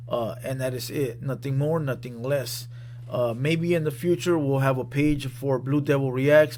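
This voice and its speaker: A man's voice: medium pitch, a little mellow, a little hiss or hum. A man hosting a reaction channel from a studio room, giving casual commentary in a blunt, profane, conversational way.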